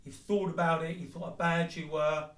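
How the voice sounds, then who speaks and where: Here the voice is on the high side but fairly flat in pitch, moving at a moderate pace. He's a vlogger venting furiously and profanely at his ex to the camera, recorded from afar in a room with echo.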